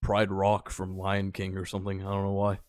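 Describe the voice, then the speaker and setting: A man's voice: deep voice, completely flat delivery, normal speed, very noisy. A young man casually chatting and rambling while he plays, sometimes calling out to the animals in the game. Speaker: gaming channel host. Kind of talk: casual gameplay commentary.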